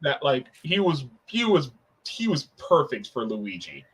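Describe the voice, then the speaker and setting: Husky man with a lively voice. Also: mid-range voice, measured pace. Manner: animated storyteller, laughs. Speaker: podcast co-host. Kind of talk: casual movie review chat.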